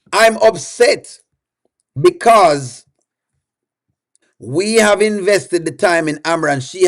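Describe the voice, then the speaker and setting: A man hosting a live-stream reaction show, chatting and putting questions to his viewers while reading their comments aloud. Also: fairly high pitch.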